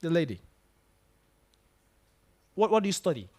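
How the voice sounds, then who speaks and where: This is a man giving a motivational talk to students in a lecture room. His voice rises and falls in a lively, animated way. He tells stories and keeps asking the room questions. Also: a little high, a little slow. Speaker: guest speaker.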